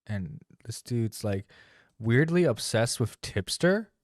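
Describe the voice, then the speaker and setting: Man, streamer host, profane rambling commentary, mid-pitched voice, dry close sound. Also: lively intonation, takes it slowly, dry recording. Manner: exasperated, sweary, rambling.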